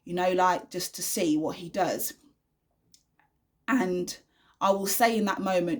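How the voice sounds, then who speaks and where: A woman's voice: on the low side, fairly even intonation, unhurried. A young woman talking frankly to camera from her bedroom, in a chatty, unedited vlog full of fillers and restarts. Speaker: vlogger, mother.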